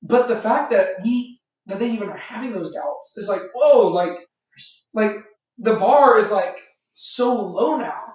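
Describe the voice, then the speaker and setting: Here a man speaks in a high-pitched voice, taking his time. He's loosely leading a small-group Bible study, full of filler words and acted-out imagined voices. The room is reverberant and the mic is far from him.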